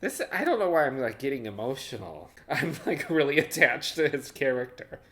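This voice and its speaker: Animated young man reacting to a show. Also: mid-range voice, moderate pace, soft background music. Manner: animated, swears, thinks aloud. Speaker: reaction video host. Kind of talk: casual reaction commentary.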